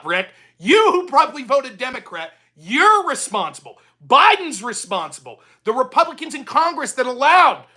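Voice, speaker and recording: A man's voice: extremely high pitch, bright, forceful tone. A man hosting a political talk show, delivering an angry, profane solo rant that he aims straight at the listener. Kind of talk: solo ranting commentary.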